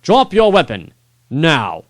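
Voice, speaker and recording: A man voices a commanding, sardonic medieval king who barks orders with cold scorn, pitching his medium voice above his own natural range and acting it lightly. The delivery has big pitch swings, normal speed and a darkish tone, with no room sound.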